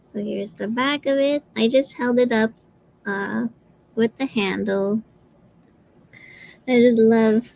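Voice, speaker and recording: Woman crafter, slow and giggly, a bit high-pitched. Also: creaky, darkish tone, no echo, poor audio. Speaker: crafter selling her items. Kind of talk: casual live sale chat.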